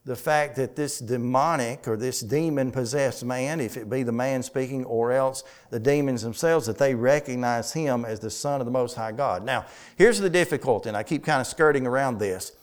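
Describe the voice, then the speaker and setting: A man preaching a Bible study, asking his listeners questions and reading scripture slowly with weight. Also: mid-range voice. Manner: asks the congregation questions, reads scripture slowly with emphasis. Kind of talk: conversational sermon teaching.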